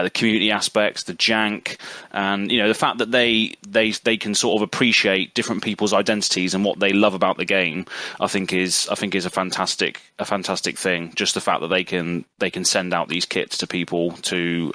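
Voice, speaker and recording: A man from Europe, a content creator talking as a guest on a podcast panel, relaxed and rambling with many restarts. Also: on the low side, dry recording. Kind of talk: casual podcast panel chat.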